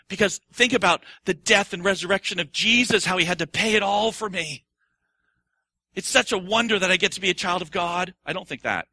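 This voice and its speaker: This middle-aged man's sermon as pastor moves from quiet musing to shouted excitement, packed with rhetorical questions and quotes he acts out. His voice is high-pitched and a little fast, with no echo.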